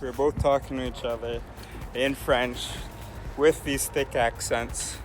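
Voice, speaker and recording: A man talking casually to camera as a hitchhiking vlogger, rambling and thinking aloud with many pauses. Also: medium pitch, fairly even intonation, faint music behind. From United States. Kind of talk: casual vlog talk to camera.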